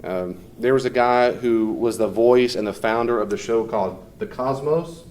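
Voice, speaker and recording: A man's voice: medium pitch, moderate pace, darkish tone, a little hiss or hum. A man teaching a class in a conversational, off-the-cuff way, fielding questions from students and often mimicking people in short quoted voices.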